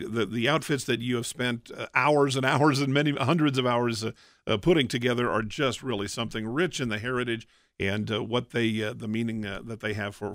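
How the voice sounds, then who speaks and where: Male radio host, interviewing a guest, halting with many fillers, dry studio sound. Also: medium pitch, fairly bright tone, no echo.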